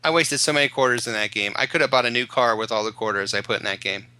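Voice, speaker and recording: A man co-hosting a fan podcast, telling joking stories in animated casual chat. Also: medium pitch, quick pace, clean tone, no room sound. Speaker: podcast co-host.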